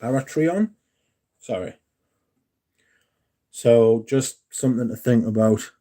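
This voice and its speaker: A man hosts a casual livestream. His voice is mellow and dark, and he rambles along in a chatty, loose way, swearing freely. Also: medium pitch, slow. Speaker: livestream host. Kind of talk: casual chat.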